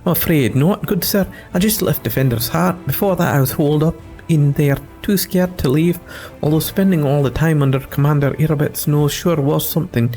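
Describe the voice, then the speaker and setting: A man's voice: a little high, brisk, dark tone, faint music behind, pitched above the performer's own voice, natural voice. A man voicing a sheepish young male halfling rogue who stammers and gets flustered in a video game.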